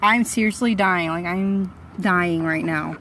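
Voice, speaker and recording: A woman talks into her phone from a parked car, squealing and exclaiming as she frets. Her delivery is unhurried, with drawn-out words between the outbursts. Faint traffic noise hums behind her. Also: on the low side, fairly bright tone. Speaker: vlogger. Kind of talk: casual live-stream chat.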